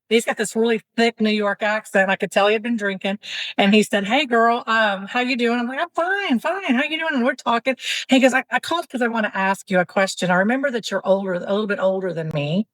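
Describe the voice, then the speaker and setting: A woman in her fifties, a podcast guest, telling a candid comic story with lively back-and-forth dialogue and casual swearing. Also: medium pitch, no echo, rough recording. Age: 50s. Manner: animated, acts out both sides of a story, swears freely.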